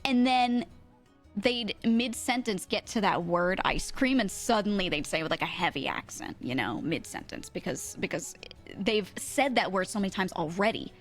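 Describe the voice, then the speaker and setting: A woman's voice: medium pitch, animated, moderate pace. Young woman streamer just chatting, laughs a lot, some music in the background. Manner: chatty, laughs often, imitates accents. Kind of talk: casual chat.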